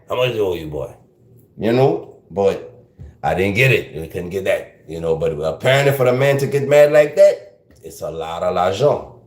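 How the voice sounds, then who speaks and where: A man's voice: on the low side, expressive, normal speed, darkish tone, echoey room. A man with a South Louisiana Creole accent hosting a podcast, talking loosely and rambling, dropping in Creole French phrases. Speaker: podcast host. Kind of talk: casual commentary monologue.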